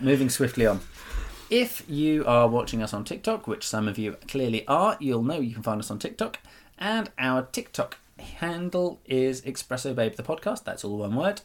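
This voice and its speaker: A man with a Norfolk accent co-hosting a podcast in casual chat, speaking in a slow, lazy drawl, pronouncing words clearly without clipping them. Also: mid-range voice, big pitch swings. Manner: slow drawl, enunciated but unclipped words. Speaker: podcast co-host.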